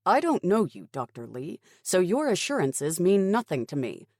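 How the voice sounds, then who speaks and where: Woman doing a stern, brisk army major. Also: on the low side, very animated, darkish tone, no room sound, clean studio sound, voice pushed up. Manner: clipped, firm, dismissive. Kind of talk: audiobook character voice.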